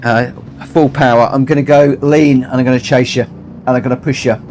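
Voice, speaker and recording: A man's voice: medium pitch, steady tone, moderate pace, darkish tone, a little hiss or hum. A man hosting a charity gaming livestream, emotional and grateful, repeating his thanks as he gets choked up. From United Kingdom. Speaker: livestream host and racing gamer.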